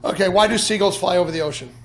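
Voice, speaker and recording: A man's voice: high-pitched, racing. A man as a podcast guest, answering casually with many restarts and hesitations.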